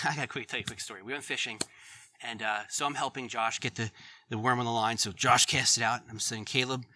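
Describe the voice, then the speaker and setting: A man's voice: mid-range voice, steady tone, quick pace, pushed and bright, a little hiss or hum. A middle-aged man preaching in an earnest, conversational way, laughing now and then at his own stories. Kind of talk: sermon.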